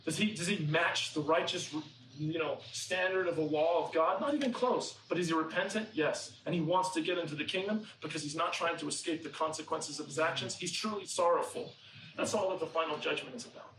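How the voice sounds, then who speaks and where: A man's voice: a little high, brisk, fairly bright tone, echoey room, distant mic, slight background noise, rough recording. A man preaching a sermon, telling a story conversationally and acting out what the people in it say. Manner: conversational storytelling, acts out quoted characters.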